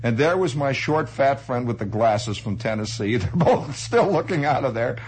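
A man spinning a personal story with a very lively, swooping delivery at a mid pitch. He is chatty and animated, chuckling as he goes, over a faint hum. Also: moderate pace, low-quality recording. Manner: animated, chatty, laughs through his telling. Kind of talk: spoken anecdote.

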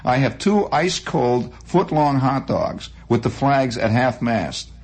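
Husky, animated male radio storyteller. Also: a little slow. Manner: animated, dramatic, swooping into high voices. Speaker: radio host. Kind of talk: storytelling monologue.

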